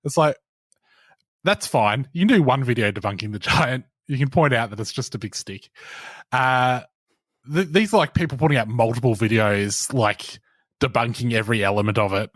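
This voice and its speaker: A man's voice: mid-range voice, normal speed, a bit bright, no echo, clean studio sound. A young man, co-hosting a podcast in casual chat, telling stories in a wry, sardonic way. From Australia. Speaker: podcast co-host.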